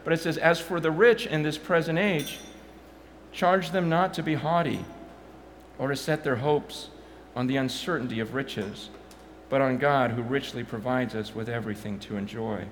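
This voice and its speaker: A man preaching a sermon on a stage, telling a story with passion and frequent stammering restarts, at times nearly shouting. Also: medium pitch, moderate pace, slight background noise.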